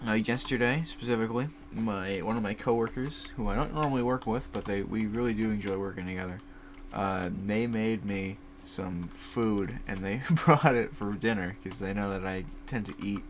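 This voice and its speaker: A slightly low-voiced young man in his twenties chats on his own, rambling, laughing often and swearing in passing. He talks into a desk mic set up by his computer at home, with a faint hiss behind him. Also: normal speed. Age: 20s. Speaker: podcast host. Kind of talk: casual solo chat. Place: home recording setup by a computer. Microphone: desk mic set higher, farther from computer.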